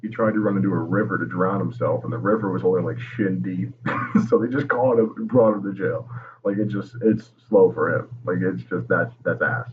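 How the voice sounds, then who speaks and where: A man's voice: sits low, steady tone, moderate pace. A young man hosting a podcast, telling history in a casual, rambling, profane and jokey way. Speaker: podcast host. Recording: tinny phone-like line with noise.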